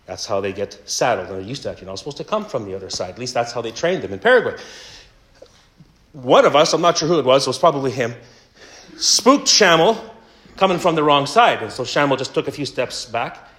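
A man's voice: medium pitch, animated, fairly quick, a bit bright. A Canadian man telling a funny story in a casual sermon, with self-mocking humor. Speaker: preacher.

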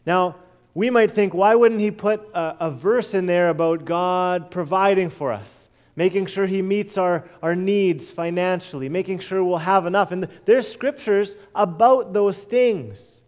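Pastor, male, sermon delivery; high voice, unhurried, earnest, swells loud and drops soft. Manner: earnest preaching, swelling loud then dropping soft and low.

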